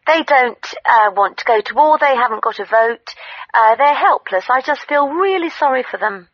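A woman playing a soft-hearted radio caller who repeats herself plaintively. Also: sits high, lively intonation, normal speed, no room sound. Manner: repetitive, plaintive. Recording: dull phone-in sound.

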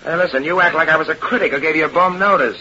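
A man's voice: a little high, very fast, pushed and bright, a little hiss or hum. An actor playing a brash young male vaudeville dancer, slangy and blustering, in 1930s radio acting. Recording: dull lo-fi old radio recording.

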